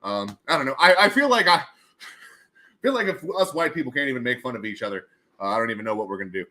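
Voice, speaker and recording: A man's voice: medium pitch, expressive, fast talker, sharp tone. A man hosting a casual livestream, rambling and joking and laughing often between his remarks. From United States. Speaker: livestream host.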